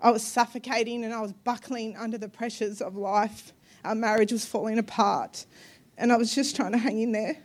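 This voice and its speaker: A fairly high-voiced woman in her thirties gives a personal testimony sermon. She sounds earnest and emotional, with soft hesitations between phrases. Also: fairly even intonation, moderate pace. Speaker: guest preacher.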